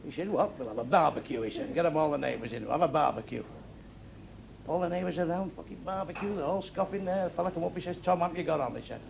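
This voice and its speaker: A man's voice: on the high side, animated, fast, gravelly, noisy background. A man telling crude, swearing-heavy stand-up jokes to a club audience, recorded live. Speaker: stand-up comedian.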